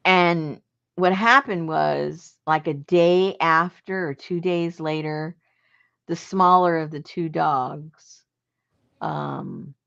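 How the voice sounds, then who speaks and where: A woman with a low, gravelly voice spins a long personal story in a loose, chatty way. She laughs often as she talks. The recording sounds dull and lo-fi. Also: a bit bright. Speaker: journaling channel host. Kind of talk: casual storytelling.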